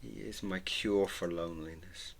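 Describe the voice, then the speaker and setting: A middle-aged man who hosts an art channel, chatting casually while he draws, rambling and sentimental, with soft murmured asides and frequent chuckles. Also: sits low, fairly even intonation, moderate pace, gravelly, a little hiss or hum. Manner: chuckles often. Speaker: artist and channel host. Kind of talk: casual chat while drawing.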